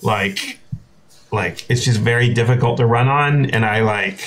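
A man playing a tabletop game, talking casually with many pauses and restarts. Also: mid-range voice, a bit bright, a little hiss or hum. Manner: halting, lots of fillers and restarts. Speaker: player.

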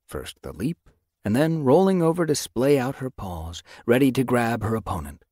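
A man narrating a children's animal novel as an audiobook, with expressive storytelling. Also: medium pitch, normal speed, no room sound, clean studio sound. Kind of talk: scripted narration.

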